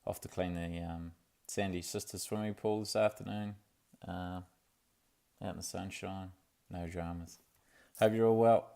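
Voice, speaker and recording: A man's voice: low-pitched, fairly even intonation, unhurried, gravelly, dark tone, smooth. A young man, talking in a laid-back, rambling way for his video diary, full of fillers and restarts. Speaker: vlogger.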